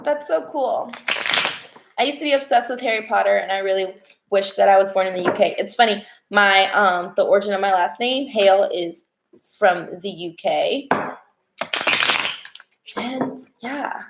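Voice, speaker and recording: A young American woman reading tarot cards and chatting casually with viewers on a livestream, excitable and talkative. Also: medium pitch, moderate pace, roomy sound, background noise. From United States. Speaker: tarot reader.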